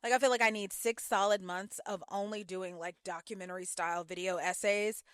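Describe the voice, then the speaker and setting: A young woman giving a casual commentary vlog, telling stories in an animated way with sudden jumps in pitch. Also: a little fast, smooth, no room sound, clean studio sound. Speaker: YouTube commentator.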